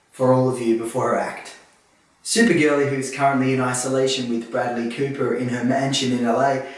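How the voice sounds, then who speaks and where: A man's voice: medium pitch, distant mic. An Australian man hosting a comedy show with camp, cheeky quips. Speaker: host. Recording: echoey room, away from the mic.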